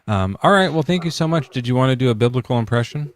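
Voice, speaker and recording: A man's voice: medium pitch, animated, fast, no echo. A man hosting a casual live chat, rambling with lots of fillers and laughing often. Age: adult parent. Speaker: host.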